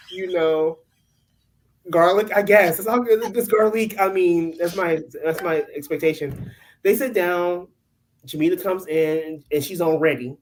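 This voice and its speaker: A woman co-hosting a casual recap podcast, telling the story in a lively, animated way and acting out what the cast said. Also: low-pitched, a little hiss or hum, rough recording. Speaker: podcast co-host.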